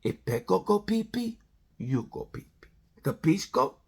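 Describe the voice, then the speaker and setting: A man putting on a menacing Italian mob boss who gives orders in a low murmur. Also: sing-song, unhurried, gravelly, breathy edge, heavily acted.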